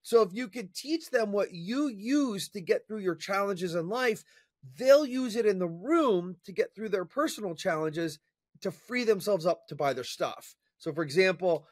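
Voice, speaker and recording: A man as an interview guest, telling a personal story in an energetic, chatty way with fillers and restarts. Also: high-pitched, moderate pace, no echo, studio quality. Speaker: interview guest, professional speaker. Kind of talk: casual storytelling in conversation.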